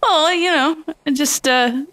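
A woman's voice: sits high, takes it slowly, a bit bright, no echo. A woman co-hosting a podcast, chatting casually, giggly and enthusiastic. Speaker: podcast co-host. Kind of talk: casual chat.

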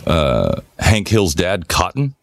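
A man co-hosting a podcast, telling rambling, profane stories in a relaxed, casual way. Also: low-pitched, takes it slowly, vocal fry, dry recording, clean studio sound. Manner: relaxed rambling storyteller, swears freely. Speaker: podcast co-host. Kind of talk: casual chat, storytelling.

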